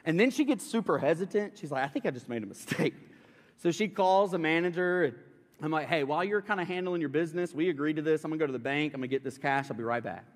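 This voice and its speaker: Young man, casual joking preacher, fairly high voice, echoing church hall. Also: fast. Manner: casual, humorous storytelling to a congregation. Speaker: pastor. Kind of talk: sermon with personal story. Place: church sanctuary. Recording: long reverb of a church hall.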